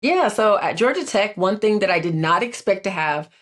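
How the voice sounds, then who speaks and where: A woman's voice: mid-range voice, expressive, moderate pace. A woman in her forties, a guest in an interview, telling her life story in an earnest, reflective way with many filler words. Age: 40s. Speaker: guest, Olympic athlete.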